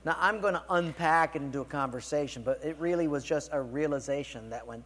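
A male pastor preaching a sermon, telling stories with animated asides to the congregation. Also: a little high, normal speed, in a large hall.

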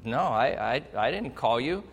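A man doing old priest Eli, low and fatherly. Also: animated, a little slow, vocal fry, breathy edge, big-room sound, exaggerated voice. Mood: patient.

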